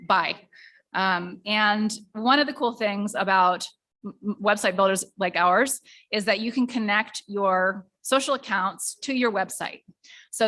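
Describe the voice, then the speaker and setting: A woman's voice: medium pitch, a bit bright. A woman presenting a small-business workshop, speaking in an upbeat, conversational way and asking the audience questions.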